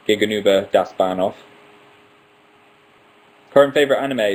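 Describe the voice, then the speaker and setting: A man's voice: lowish voice, measured pace, long pauses, a little mellow, low-quality recording. A man in his twenties hosting a casual live stream, reading out viewer questions and answering them one by one with playful asides. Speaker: livestream host.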